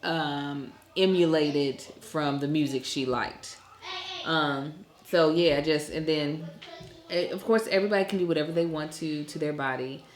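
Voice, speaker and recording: A woman with a notably low voice talks in a loose, opinionated podcast chat. She speaks her mind bluntly and breaks into laughter. The room around her is echoey. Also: unhurried. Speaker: podcast co-host. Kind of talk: casual chat.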